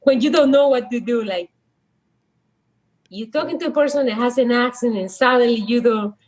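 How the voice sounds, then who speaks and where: A middle-aged woman from the Dominican Republic with a Dominican Spanish accent, whose first language is Spanish, telling stories as a podcast guest and often pausing to search for words. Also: fairly high pitch, rough recording. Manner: animated, searching for words, laughs easily. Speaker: guest, social worker. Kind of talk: casual conversational storytelling.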